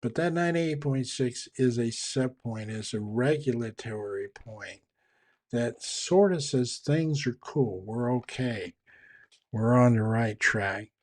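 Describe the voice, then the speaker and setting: A man's voice: medium pitch, takes it slowly, a little mellow. A man giving a conversational, explanatory talk on trust and leadership, with frequent restarts. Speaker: trainer on communication and leadership.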